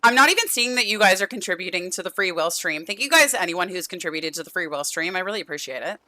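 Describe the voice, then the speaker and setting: A woman's voice: on the low side, expressive, quick pace, pushed and bright, no echo. A young woman streaming a life-sim game, chatting affectionately with viewers and her characters, losing her voice. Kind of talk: casual gameplay stream chat.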